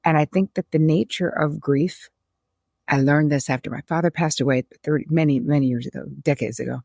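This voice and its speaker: A woman's voice: low-pitched, fairly quick, vocal fry, a little mellow, no echo, studio quality. A woman hosting a podcast interview, talking in a reflective, chatty way with frequent restarts. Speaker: podcast host. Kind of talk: conversational interview.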